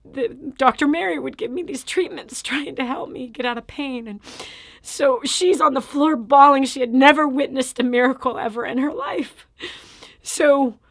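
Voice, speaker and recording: High-voiced woman preaching, loud then whispered. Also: no room sound. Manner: intense, swinging from loud exclamations to hushed whispers. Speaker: Christian speaker giving a healing testimony. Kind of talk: emotional preaching testimony.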